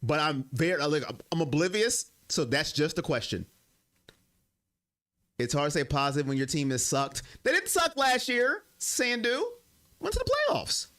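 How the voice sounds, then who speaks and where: A man's voice: on the high side, big pitch swings, normal speed, a bit bright. A young man hosting a sports live stream, chatting casually and emotionally with his viewers. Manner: emotional, talks straight to his chat.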